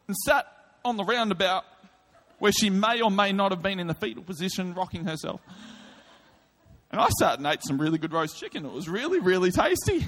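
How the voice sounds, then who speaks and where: A man preaching a sermon, telling a comic story in an animated way with quick asides. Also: high voice. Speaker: pastor. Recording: reverberant hall.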